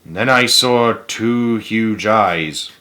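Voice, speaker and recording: A man's voice: on the low side, slow pace, sharp tone. A man voicing a patient, encouraging male frog who coaxes his friend and tells spooky stories. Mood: storytelling.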